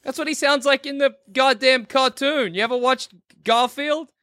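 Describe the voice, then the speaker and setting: Bright-voiced playful podcast host, man. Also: extremely high pitch, steady tone, normal speed, no echo, studio quality. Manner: playful, jokey, laughs often. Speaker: podcast host reviewing games. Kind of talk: casual chat.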